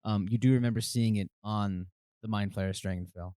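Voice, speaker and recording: A man running a tabletop game as game master, halting with frequent ums and uhs. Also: on the low side, steady tone, warm tone, no room sound, clean studio sound.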